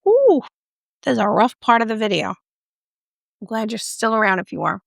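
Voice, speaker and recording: Gravelly, chatty woman reviewing makeup. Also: medium pitch, a little fast, fairly bright tone, dry recording, clean studio sound. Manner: playful, chatty, jokey asides. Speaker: beauty vlogger.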